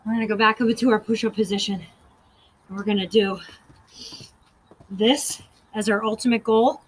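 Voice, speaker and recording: A woman's voice: mid-range voice, steady tone, moderate pace, husky, poor audio. Breathless woman leading a workout. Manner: counts reps aloud, encouraging. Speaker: fitness instructor. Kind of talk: guided workout instruction.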